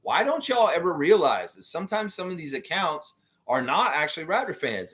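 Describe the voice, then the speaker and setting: A man's voice: on the high side, moderate pace. A man hosting a fan livestream, ranting and reading out viewer comments in a casual, profane way. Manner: animated, ranting, profane, talks straight to viewers. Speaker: fan channel host.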